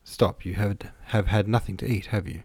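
A man reading an audiobook, voicing a brisk, motherly older housekeeper woman who bustles about. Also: on the low side, fairly even intonation, darkish tone, breathy edge, no room sound, clean studio sound.

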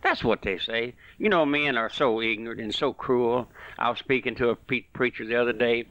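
A man preaches an impassioned radio sermon, pleading with his listeners, rising into loud bursts and dropping to hushed asides. His voice sits at a middle pitch. The recording is dry and dull, like an old lo-fi radio broadcast. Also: normal speed, no echo.

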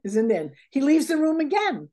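A woman's voice: sits high, fairly quick. Woman telling stories with laughter. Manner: animated, laughs often, acts out quoted dialogue. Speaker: interview guest. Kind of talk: casual anecdotal storytelling.

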